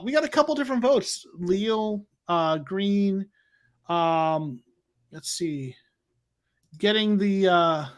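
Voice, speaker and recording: A man with a notably high voice hosts a casual livestream. He rambles in a loose, chatty way, full of ums and restarts, and talks into a new microphone from a home streaming setup. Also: fairly bright tone. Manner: rambling, many fillers and restarts. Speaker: livestream host.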